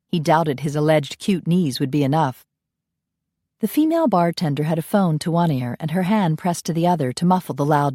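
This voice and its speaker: A woman narrating a romance audiobook in a steady storytelling manner. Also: low-pitched, no echo, clean studio sound. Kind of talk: scripted narration.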